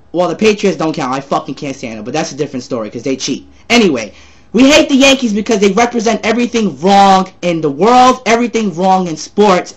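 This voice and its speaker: Casting: man, high voice, wildly animated, profane angry sports rant, slightly sore from shouting. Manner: loud, profane, repetitive ranting. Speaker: sports ranter.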